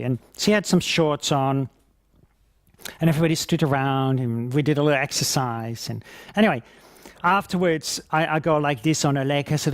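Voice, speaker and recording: Lively Reiki teacher telling stories. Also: male voice, a little high, a little fast, dry recording. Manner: lively, laughing storyteller, acts out scenes. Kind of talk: conference talk with anecdotes.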